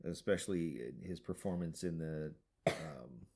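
Low-voiced man making dry jokes. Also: measured pace, vocal fry, a little mellow, husky. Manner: dry, joking asides. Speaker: podcast co-host. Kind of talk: casual chat.

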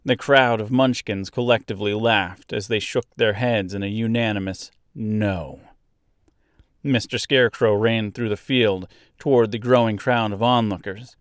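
A man reading a storybook aloud as narrator, in a slow, measured, even way. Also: lowish voice, clean tone, dry recording, studio quality.

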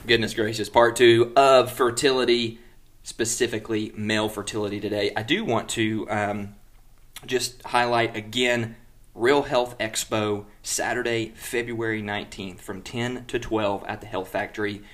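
A man's voice: fairly low pitch, flat delivery, a little slow, fairly bright tone. Teasing, upbeat male podcast host. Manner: teasing reactions, upbeat promotional plugs. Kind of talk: casual podcast chat and show announcements.

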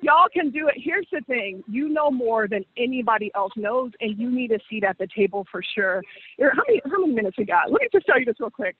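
A woman in her forties telling stories with animated, colloquial energy, laughing often, on a call. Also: on the high side, quick pace, husky. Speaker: co-host. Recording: muffled phone line.

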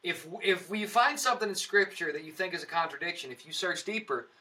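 A comedian and actor, appearing as a podcast guest in a casual interview, speaks earnestly and ramblingly, explaining things like a preacher. His voice is high, animated and fairly quick, with a sharp tone, heard from a distant mic.

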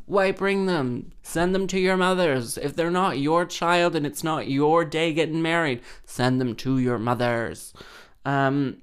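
A wedding harpist rants through a casual storytime, exasperated and sarcastic, with plenty of swearing. The voice is smooth and clear, sitting at a middling pitch.

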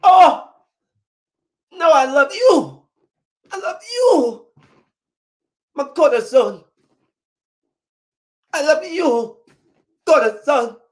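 A man's voice: high-pitched, wildly swooping pitch, slow, pauses often, a bit bright, exaggerated voice. A man voicing a clingy, dramatic young ex-lover who whines and gushes. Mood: pleading gush. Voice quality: whiny, gushing.

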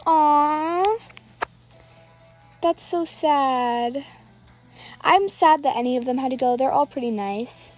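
A woman's voice: high-pitched, unhurried, darkish tone, faint music behind. A woman giving live, rambling commentary while playing an online game, nervously narrating every move aloud.

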